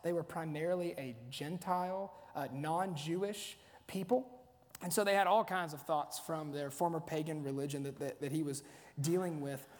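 A man's voice: a little high, normal speed. Guy preaching, chatty storyteller, trips over his words, big hall echo. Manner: conversational, storytelling, frequent restarts. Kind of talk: sermon. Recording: long hall reverb.

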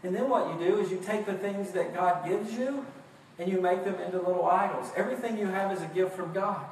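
Impassioned preacher in an echoey sanctuary. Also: male voice, high-pitched, a little fast. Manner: impassioned, swings from hushed to shouting; acts out mock voices of listeners. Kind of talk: sermon. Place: church sanctuary. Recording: very echoey room, far from mic, faint noise.

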